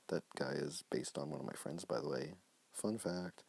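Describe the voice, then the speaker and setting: Deep-voiced man joking through a reading. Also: normal speed, vocal fry, a little mellow, breathy edge, dry recording. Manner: jokey, self-mocking asides. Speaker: reader of his own comic. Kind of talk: casual live-stream reading with commentary. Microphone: phone live stream.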